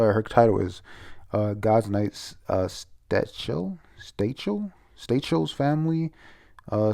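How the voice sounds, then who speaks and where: A man's voice: on the low side, gravelly, dark tone. A man casually recapping a manga chapter, rambling, swearing and stumbling over names.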